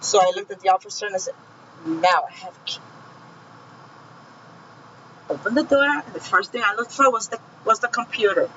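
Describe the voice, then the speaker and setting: A woman's voice: medium pitch, quick pace, few pauses, a bit bright, highs cut off, a little hiss or hum. A woman telling her own painful story in a vlog, heated and profane, speaking with raw feeling. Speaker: vlogger recounting her own experience. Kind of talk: emotional personal storytelling.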